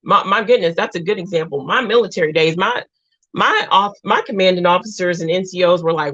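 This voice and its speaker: Woman, livestream host, heartfelt rambling chat; dull low-fi stream audio. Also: fairly quick, a bit bright. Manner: rambling, heartfelt, with many restarts. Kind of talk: emotional livestream chat with viewers.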